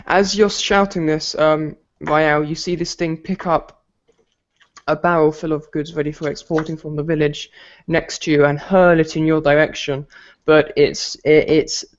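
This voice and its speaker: Man, game master, halting combat narration, gravelly, muffled recording. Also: fairly high pitch. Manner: halting, restarts while describing combat. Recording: lo-fi mic with faint noise.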